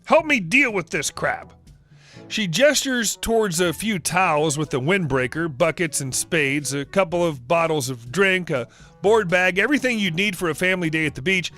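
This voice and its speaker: A man's voice: on the high side, expressive, moderate pace, bright, forceful tone, faint music behind. A man narrating reddit stories, reading every character's dialogue in the same voice. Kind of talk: scripted story narration.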